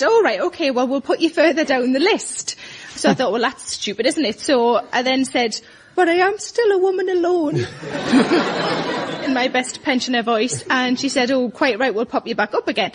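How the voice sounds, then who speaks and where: Woman, high voice, chatty self-mocking storyteller, faint audience and hiss. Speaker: panel show guest. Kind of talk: comic anecdote. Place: studio with live audience.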